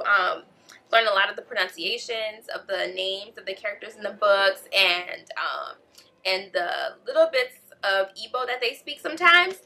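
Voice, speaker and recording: A woman's voice: medium pitch, bright, forceful tone, poor audio. A woman casually reviewing a novel for her vlog, chatty and gushing, full of fillers and "like". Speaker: book vlogger.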